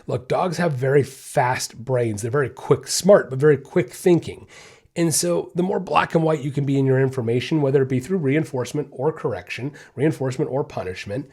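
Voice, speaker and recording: A man's voice: mid-range voice, moderate pace, slightly rough. A man hosting a casual dog-training podcast, explaining points with lots of repetition and checking in with "right?" and "okay?". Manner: animated, repeats points, asks "right?" and "okay?". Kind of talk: casual instructional podcast talk.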